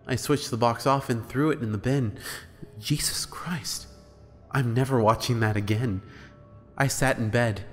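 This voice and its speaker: Casting: male horror narrator, mid pitch, long reverb, soft background music. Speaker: creepypasta narrator. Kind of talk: reading a horror story aloud.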